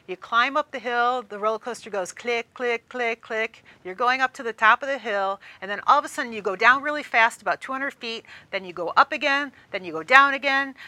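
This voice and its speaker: A woman presenter giving a training talk, telling a story in a lively way and speaking straight to the listener. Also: a little high, no room sound.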